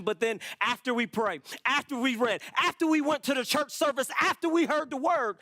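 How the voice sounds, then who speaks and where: A man preaching to his church, his fairly high voice swinging widely up and down. He moves from plain explaining into acted-out prayers, rising and dropping as he drives his points home. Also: normal speed. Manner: animated preaching, reading scripture aloud, acting out people's worried prayers. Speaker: pastor. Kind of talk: sermon.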